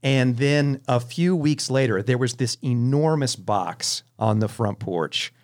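Hosting a film podcast, a man with a medium-pitched voice tells stories a little slowly. His chat is casual and animated, full of restarts.

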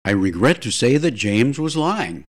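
Wry male storyteller with a lively voice. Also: mid-range voice, a little slow. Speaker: narrator. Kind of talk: scripted narration of a comic story.

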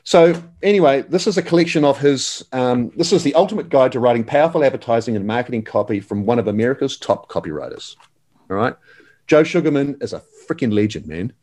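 A man's voice: medium pitch, lively intonation, fast talker, a little mellow. A man, talking as an enthusiastic, slangy guest in a casual interview. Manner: enthusiastic, slangy, calls the host mate.

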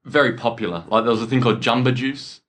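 An Australian man co-hosting a casual chat, easygoing and quick to laugh along. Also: mid-range voice, a bit bright. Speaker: podcast co-host.

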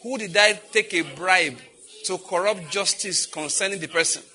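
A man preaches with a very bright, ringing voice that sits a little high. He is fervent, calling out to God between points and getting the congregation to repeat lines back to him. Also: normal speed, soft background music. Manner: fervent, with prayerful exclamations. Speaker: prayer teacher. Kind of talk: sermon with call-and-response.

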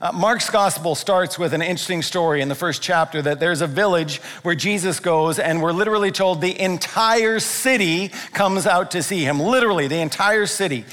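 Pastor, male, animated sermon storyteller; slightly raised voice, reverberant sanctuary sound. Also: sits high, normal speed, few pauses. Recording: long reverb of a large room.

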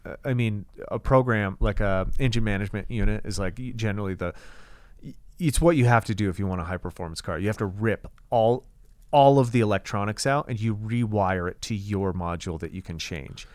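A man's voice: fairly low pitch, a little fast, no echo. A man co-hosting a podcast, telling a long profane story in casual chat and acting out the people in it. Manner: profane, animated storyteller quoting others. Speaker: podcast co-host.

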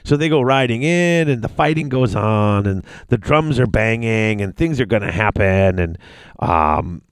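A man casually retelling a fantasy battle story, excitable and rambling. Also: a little slow, clean tone, dry recording. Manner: excitable, rambling, big pitch swings. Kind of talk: casual chat.

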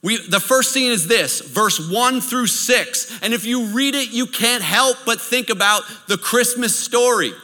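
A man preaching a sermon as a pastor. He tells stories in a lively way and keeps checking in with his listeners. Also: extremely high pitch, measured pace, few pauses. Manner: lively storytelling, checks in with the audience. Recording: long hall reverb.

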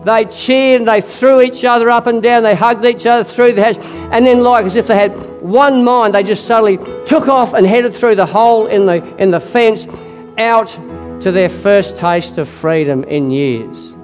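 Soft music underlies this sermon, in which a high-voiced man speaking at normal speed tells a wartime tale. He keeps coughing and clearing his throat, and his delivery swells into loud, emphatic high points.

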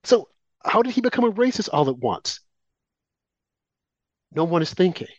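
A man's voice: sits high, very animated, moderate pace, no echo. A man co-hosting a political talk show, delivering emphatic, heated opinion commentary aimed at his co-host. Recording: dull, lo-fi and dry.

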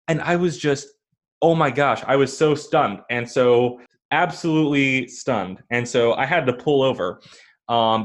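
A man's voice: medium pitch, fairly bright tone. A man co-hosting a podcast, telling a personal story in a rambling, casual way with many fillers and restarts. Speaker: podcast co-host.

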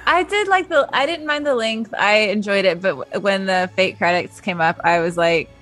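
A woman's voice: mid-range voice, moderate pace, a bit bright, faint music behind. A woman co-hosting a podcast, chatting casually about a film with many fillers and restarts. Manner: rambling, lots of fillers. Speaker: podcast co-host.

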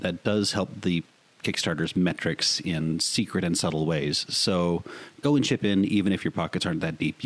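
A man hosting a podcast, chatting in a jokey way and asking listeners for donations. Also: low voice. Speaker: podcast host. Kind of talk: casual podcast chat.

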